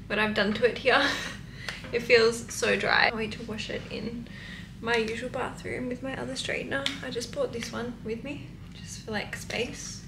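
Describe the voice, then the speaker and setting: Australian woman, casual vlog chat, higher voice, echoey room. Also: gravelly, bright, forceful tone, slight background noise. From Melbourne, Australia. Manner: chatty, candid, swears casually. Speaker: vlogger. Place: hotel room and streets outdoors.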